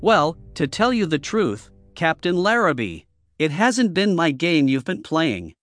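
A man's voice: a little high, sing-song, a little slow, a bit bright, no echo, faint music behind, pitched above the performer's own voice. A man reading a story, voicing a smug, theatrical omnipotent male entity who mocks and teases. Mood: mocking. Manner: arch, teasing.

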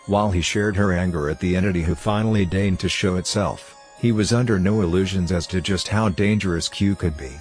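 A man narrating a story in a steady, measured scripted reading. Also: low-pitched, soft background music. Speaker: audiobook narrator.

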